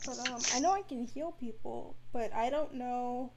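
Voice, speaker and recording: A woman's voice: a little high, normal speed, noisy background. A woman playing a tabletop game, speaking casually and hesitantly. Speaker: player.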